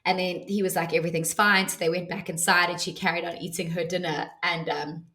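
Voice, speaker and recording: A woman with a slightly low voice tells a personal story with vivid, earnest detail. She restarts phrases often as she works through her thoughts. She speaks as a podcast guest offering advice. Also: fairly even intonation, brisk, a bit bright. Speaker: podcast guest, ceremony leader.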